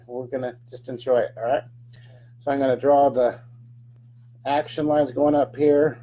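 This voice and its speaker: A man's voice: a little high, fairly even intonation, a little slow, mellow. A man teaching a live drawing lesson, chatting through each stroke with playful sound effects.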